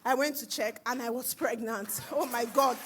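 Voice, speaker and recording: A high-voiced woman with a Nigerian accent gives a testimony at a church service. She tells her story with lively storytelling energy and acts out the voices of the people she quotes. Her delivery stays personal and conversational, not preached. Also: moderate pace, slight background noise. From Nigeria, Edo. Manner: animated storytelling, acting out dialogue. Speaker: church member giving testimony.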